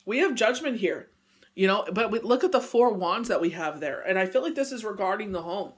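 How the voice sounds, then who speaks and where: A man's voice: high-pitched, lively intonation, fairly quick. A man giving a casual daily tarot reading, rambling and earnest, full of "you know" and "like" as he reassures viewers. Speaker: tarot reader.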